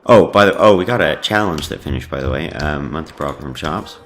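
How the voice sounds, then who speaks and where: A man's voice: rumbling low, animated, fairly quick, a bit bright. A man casually commenting on his own park-building game, rambling with many fillers and self-deprecating asides. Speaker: let's play host.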